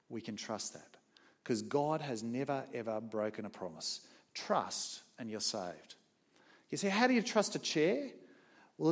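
A man preaching a sermon in a church, swinging between soft, low asides and loud, raised points. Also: slightly rough.

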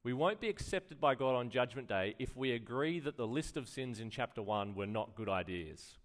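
A man's voice: mid-range voice, lively intonation, normal speed. Guy giving a sermon, chatty, lots of questions, voice swings up and down a lot. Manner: conversational preaching, rhetorical questions, acted-out quotes. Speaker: pastor.

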